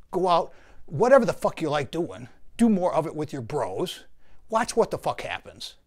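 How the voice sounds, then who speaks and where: An older man giving blunt, profane motivational advice to other men in a rant. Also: fairly high pitch. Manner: blunt, crude, preachy.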